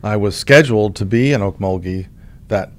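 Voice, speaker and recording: A middle-aged man from Oklahoma hosts a conversation as the state insurance commissioner and tells a story in a relaxed way, often restarting his sentences. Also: on the low side, moderate pace. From Oklahoma, USA. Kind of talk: casual conversational interview.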